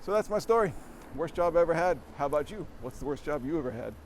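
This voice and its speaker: A man with a slightly high voice talks while riding a bike on a city street. He is out of breath and tells a rambling story, poking fun at himself and chuckling. Faint traffic hums behind him. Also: expressive, fast. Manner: rambling, self-deprecating, chuckling. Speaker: vlogger. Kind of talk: casual storytelling while cycling.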